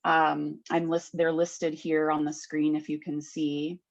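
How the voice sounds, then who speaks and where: A woman's voice: low voice, flat delivery, takes it slowly, highs cut off. A woman presenting a farming course on a video call over Bluetooth earbuds, chatty with lots of fillers. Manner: chatty, filler-heavy, loses her words. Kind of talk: online meeting presentation.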